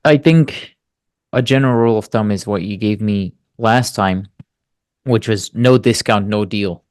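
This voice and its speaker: A man with a low voice hosts an interview, recorded dry and close with no room sound. He sums up what he has learned and asks his questions hesitantly, stumbling over his restarts. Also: measured pace, darkish tone, no echo. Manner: hesitant, summarizing, stammering restarts. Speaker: interview host.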